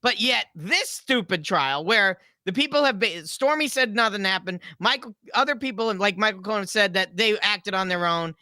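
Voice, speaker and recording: Sarcastic male puppet pundit played by a man; bright, edgy voice, close and dry. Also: high voice, moderate pace, hardly any pauses, no room sound. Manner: sarcastic, opinionated. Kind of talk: political commentary banter.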